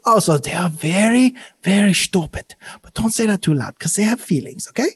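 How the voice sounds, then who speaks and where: A woman's voice: mid-range voice, animated, moderate pace, husky. A woman playing a bumbling male German doctor, a shifty ex-Nazi, in a put-on German accent with a smarmy, stammering manner. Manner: smarmy, bluffing, stammering excuses. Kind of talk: comedy sketch acting.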